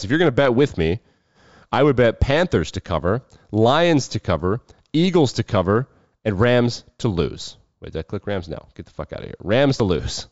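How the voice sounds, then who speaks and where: A man hosting a casual solo sports talk show, profane and wry with quick asides. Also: on the low side, darkish tone, dry recording, lo-fi sound. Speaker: sports betting show host.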